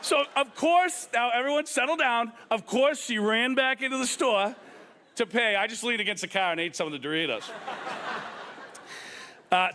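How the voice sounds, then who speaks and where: A man's voice: high-pitched, slight background noise. A man with a Boston accent telling funny stories at a memorial, acting out the other people's lines. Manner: animated anecdotes, acts out others' lines. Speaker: police officer sharing memories at a memorial. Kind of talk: humorous memorial storytelling.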